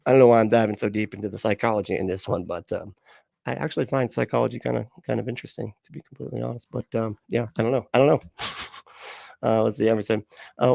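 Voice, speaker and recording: Brief: male livestream host, gravelly and animated, cursing and sarcastic, dry close sound. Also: fairly low pitch, normal speed, no echo. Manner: profane, sarcastic, incredulous. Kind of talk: livestream reaction commentary.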